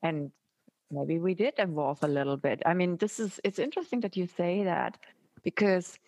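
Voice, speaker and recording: A woman speaking in a casual, reflective conversation, thoughtful and often laughing softly. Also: fairly low pitch, moderate pace, no echo. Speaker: photographer and podcast host.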